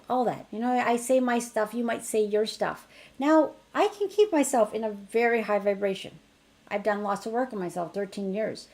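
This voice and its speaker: A middle-aged woman teaching an energy healing technique in a chatty online class, her voice rising brightly when she acts out what she tells others. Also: on the high side, moderate pace. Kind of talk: casual online teaching demonstration.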